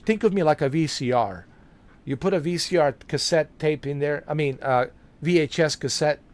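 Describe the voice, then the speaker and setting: A man's voice: fairly high pitch, moderate pace. A man streaming a video game, chatting casually and joking with his viewers, laughing often. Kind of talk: casual live-stream commentary.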